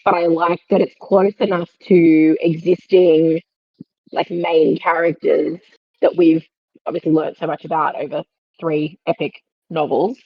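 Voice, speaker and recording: A woman's voice: sits low, flat delivery, unhurried, slightly rough, dry recording, dull audio. A woman co-hosting a podcast, chatting casually and laughing often. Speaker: podcast co-host. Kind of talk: casual chat.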